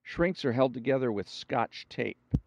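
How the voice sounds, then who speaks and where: A man's voice: medium pitch, animated, a little slow, creaky, a little hiss or hum. A man voicing a well-dressed male psychiatrist in an anecdote, making wry, mildly amused remarks. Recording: dull, dry recording.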